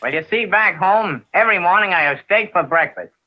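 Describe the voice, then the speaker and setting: An actor playing a chatty man in an old wartime pub film, with brisk, theatrical old-film delivery. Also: high-pitched, animated, highs cut off. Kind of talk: vintage film dialogue.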